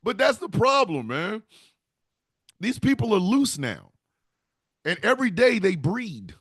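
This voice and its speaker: A man hosting with an animated comedic monologue, laughing as he riffs. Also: high-pitched, measured pace, breathy edge, dry recording, studio quality. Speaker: comedic host.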